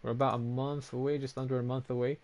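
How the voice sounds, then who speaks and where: A man's voice: medium pitch, flat delivery, fast talker, darkish tone. Casual swearing male game streamer. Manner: casual, swears often, reacts to chat. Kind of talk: casual chat reading stream comments.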